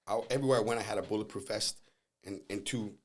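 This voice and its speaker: Guy on a podcast telling wild stories real fast, cussing a lot, doing everyone's voices. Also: lowish voice. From Southern California. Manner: animated, profane, acts out voices in his stories. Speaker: podcast guest, jiu-jitsu instructor. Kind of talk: casual storytelling. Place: podcast studio.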